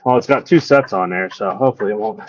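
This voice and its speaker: Laid-back swearing trucker on muffled line. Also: male voice, fairly low pitch, fast talker, dry recording. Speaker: truck driver. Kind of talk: casual chat.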